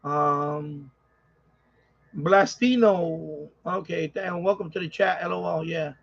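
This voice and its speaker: A man's voice: on the high side, slow, gravelly. A man with a New York accent hosting a live stream in casual chat, ranting and rambling with plenty of swearing and repeats. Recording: slightly dull lo-fi audio.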